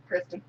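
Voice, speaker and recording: A woman hosting a casual live-stream chat, laughing loudly and often. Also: dull audio, a little hiss or hum. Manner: loud laughing, animated. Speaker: host.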